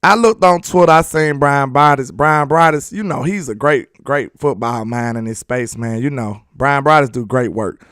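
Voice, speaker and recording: A man's voice: mid-range voice, normal speed, fairly bright tone, clear, resonant tone, dry recording, studio quality. A young man hosting a casual football livestream, talking loosely to his chat and laughing often. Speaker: sports channel host.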